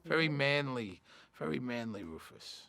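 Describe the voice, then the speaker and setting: A man's voice: medium pitch, animated, a little slow, gravelly, sharp tone, dry recording. A man, a voice actor, talking enthusiastically about his film in a promotional interview.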